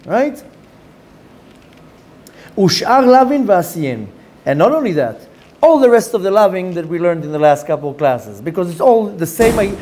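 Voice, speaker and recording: Rabbi acting out a story in class, high voice, really animated. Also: male voice. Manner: acts out characters' lines, reads quick Hebrew passages. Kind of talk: animated Torah lesson.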